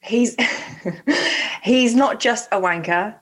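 A woman co-hosting a podcast, joining the banter playfully and giggling often. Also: a little high. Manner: giggly, playful, quick to join in. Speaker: podcast co-host. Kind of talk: casual banter.

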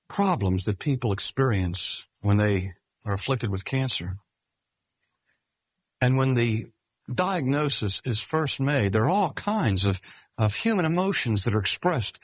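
Older male preacher, mid-range voice, deliberate and emphatic, dry close recording. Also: mid-range voice, no room sound. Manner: measured, emphatic delivery with slow stressed phrases. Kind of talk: sermon. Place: speaking at a cancer hospital.

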